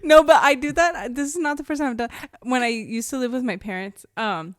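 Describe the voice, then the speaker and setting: A woman's voice: high-pitched, brisk, no echo, clean studio sound. Giggly, riffing female podcast co-host. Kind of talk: casual chat.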